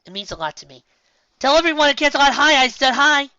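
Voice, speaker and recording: Casting: reader doing a fond young princess mare, bright, slightly dull audio. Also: medium pitch, fairly quick, dry recording, voice pushed up. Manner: warm and grateful.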